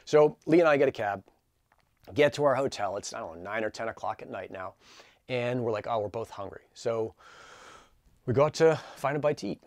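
A man in his forties telling a story in a casual, energetic, chatty way, full of fillers like "like" and "dude". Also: medium pitch, fairly quick, no room sound, studio quality. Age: 40s. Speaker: channel host.

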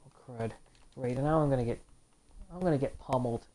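A woman with a deep, warm voice gives casual let's-play commentary on a fighting game. She talks in a chatty way and reads move descriptions aloud. She groans when a round goes badly. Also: brisk. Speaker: gameplay commentator.

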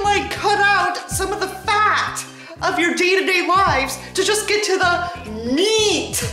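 A woman host giving exasperated, sarcastic, swear-filled commentary on a bad book. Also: fairly high pitch. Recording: roomy echo with music behind. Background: background music.

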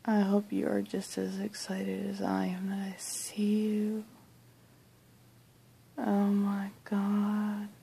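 Middle-aged woman, husky half-whisper, slow and tender cooing, bedroom at night. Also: mid-range voice, monotone, mellow. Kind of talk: soft-spoken recorded monologue.

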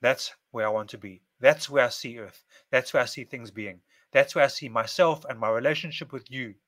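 A man talks straight to camera in a relaxed, chatty monologue, his voice bright and ringing at an ordinary pitch. He strings his thoughts into long repetitive lists, piling one phrase on the next. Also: brisk. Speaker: video presenter.

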